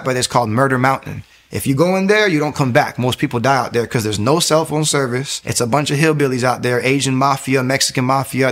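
A young man tells his faith testimony in a rushed, emphatic stream. He keeps restarting his sentences. His voice is mid-pitched and jumps up sharply at key points. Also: fairly bright tone. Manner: fast, emphatic telling with frequent restarts and sudden raised bursts. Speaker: former soldier giving a testimony. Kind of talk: personal faith testimony, casual storytelling.

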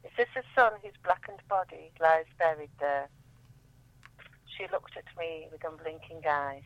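A woman reading her own poems aloud in a measured, solemn way, then chatting about them. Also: sits low, no echo, lo-fi sound. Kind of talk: poetry reading and radio chat.

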